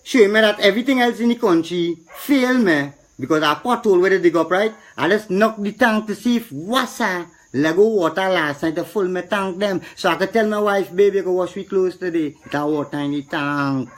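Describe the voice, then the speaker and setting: A man's voice: high-pitched, normal speed. A middle-aged man with a Trinidadian accent, complaining with indignation and repeating himself, rising to a preacherly tone. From Trinidad and Tobago. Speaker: citizen speaking out. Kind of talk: impassioned street complaint.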